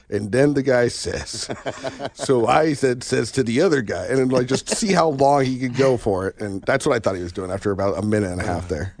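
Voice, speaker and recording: A man's voice: medium pitch, darkish tone. A man co-hosting a radio talk show, chatting casually and laughing easily with the others in the studio.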